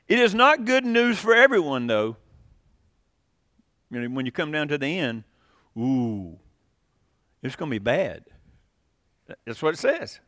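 A man's voice: a little high, a bit bright, dry recording, studio quality. A middle-aged man teaching a casual Bible class in a folksy, rambling way and putting questions to the class.

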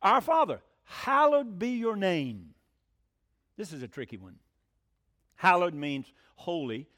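A man preaching a sermon in an animated, folksy, conversational way. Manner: animated, folksy, with swooping pitch. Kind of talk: sermon teaching.

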